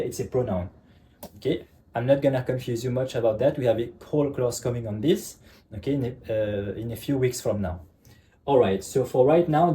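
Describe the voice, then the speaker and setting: Man teaching, mellow voice. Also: medium pitch. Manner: repeats "ok" constantly, checks understanding, slow emphatic examples. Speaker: French teacher. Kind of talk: classroom lesson explanation.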